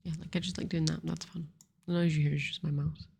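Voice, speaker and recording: A woman host giving soft-spoken ASMR commentary over a card game, rambling to herself in a whisper close to the microphone. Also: deep voice, little pitch movement, fast, creaky, breathy edge. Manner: softly whispered, rambling self-talk. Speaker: ASMR gaming channel host.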